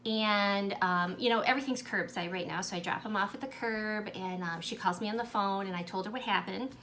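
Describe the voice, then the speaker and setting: Bright-voiced gushing woman stitching vlogger. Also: medium pitch, fairly quick, a little hiss or hum. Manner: gushing, sentimental, warmly grateful; chatty with frequent ums. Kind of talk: casual chat to camera.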